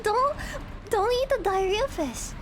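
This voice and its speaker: A woman's voice: very high-pitched, lively intonation, measured pace, noisy background. A woman streamer in a casual chat, rambling and giggly, swearing freely.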